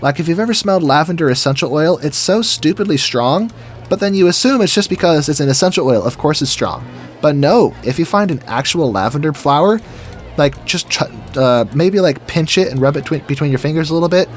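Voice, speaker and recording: A man's voice: fairly high pitch, animated, brisk, faint music behind. Goofy, chatty man narrating his game. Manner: chatty, goofy, talks to himself while building. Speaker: gaming video creator. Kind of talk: casual let's-play commentary.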